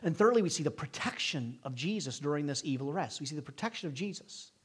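A middle-aged male pastor delivering a sermon with a husky, slightly raised voice. His pitch swings widely as he drops to hushed, slow lines and then rises into emphatic bursts. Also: expressive.

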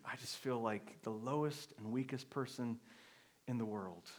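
A middle-aged male pastor telling a personal story in a sermon, moving from quiet confession to emphatic preaching. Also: mid-range voice, measured pace.

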